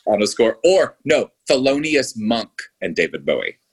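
A man's voice: on the low side, sing-song, normal speed, husky. A male filmmaker chatting enthusiastically in an interview, rambling with frequent restarts. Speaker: filmmaker guest. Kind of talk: casual podcast interview.

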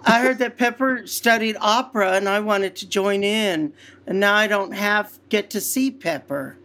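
A man's voice: high voice, normal speed, sharp tone. A man from San Antonio, Texas, a celebrity impressionist, telling stories as an interview guest in a breezy, self-mocking way. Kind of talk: casual interview chat.

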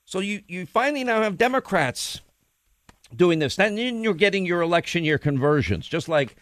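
A man's voice: high-pitched, animated, fairly bright tone, no room sound. A man hosting a political opinion talk show, emphatic and combative, firing off points one after another. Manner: emphatic, combative, rapid-fire. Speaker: talk radio host.

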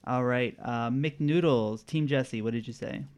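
A man hosting a casual quiz podcast, relaxed, chuckling often and filling pauses with uhs. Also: medium pitch. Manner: laid-back, chuckling, with filler uhs. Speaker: quiz host.

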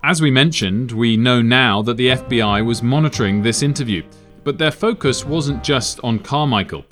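A man giving measured, scripted documentary narration, explaining archival events. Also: medium pitch, fairly bright tone, soft background music.

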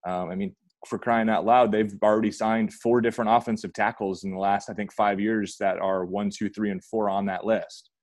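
A man's voice: fairly low pitch, a little mellow, no echo. A man hosting a casual sports talk show, talking in a chatty, rambling way and often correcting himself mid-sentence. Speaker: podcast host.

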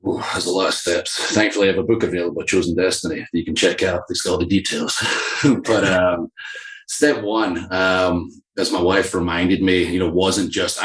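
A man with a Scottish accent, a wrestler telling stories in an interview, animated and laughing often. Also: low voice, moderate pace. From Scotland. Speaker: guest, professional wrestler. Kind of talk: casual interview talk. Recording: roomy echo.

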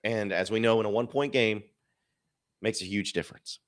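A man's voice: fairly low pitch, brisk. A man hosting a solo sports podcast, giving casual, opinionated commentary with wry asides.

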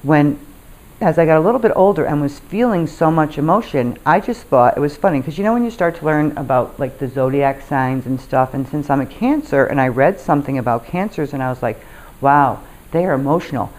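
A woman with a lowish voice that swings widely up and down as she tells her stories. She talks in a casual, animated monologue, laughing often and swearing without a second thought. She sounds like a self-help speaker talking straight to her audience. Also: fairly quick, poor audio.

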